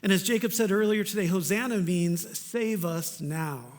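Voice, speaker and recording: A man's voice: high voice, normal speed, long reverb tail. A male pastor delivering a sermon in an earnest, conversational way, with casual asides.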